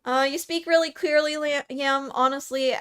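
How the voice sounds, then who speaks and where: A woman's voice: high-pitched, steady tone, moderate pace, a bit bright. A young woman with a Californian accent chatting casually on a live stream, reading out and answering comments, often laughing and restarting her words. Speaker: VTuber streamer.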